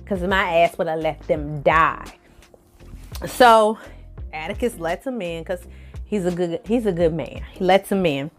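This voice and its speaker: A woman recapping an episode in a casual vlog, animated and profane, acting out the characters' lines as she tells it. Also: on the low side, unhurried, soft background music. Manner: animated, profane storytelling with acted-out quotes. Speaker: film review vlogger.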